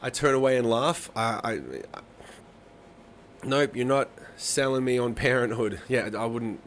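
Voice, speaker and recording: A man's voice: mid-range voice, fairly even intonation, unhurried, slight background noise. A man in his thirties hosting a live songwriting stream, chatting casually and swearing freely as he tells rambling stories. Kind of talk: casual chat to a live audience.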